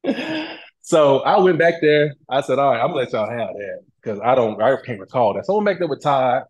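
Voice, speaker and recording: A middle-aged man telling a story as a guest in a casual interview, animated and acting out other people's lines. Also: mid-range voice, brisk, highs cut off. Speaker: reality TV guest.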